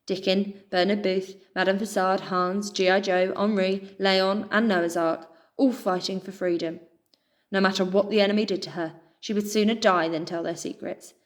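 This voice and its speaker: A woman reading a children's adventure story aloud with expressive narration. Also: mid-range voice, moderate pace. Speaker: children's book reader.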